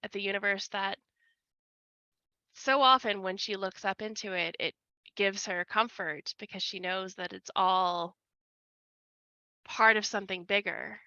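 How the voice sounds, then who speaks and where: A woman player narrating a scene in a tabletop game, slow and deliberate. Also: medium pitch, pushed and bright, no room sound. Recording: dull lo-fi recording.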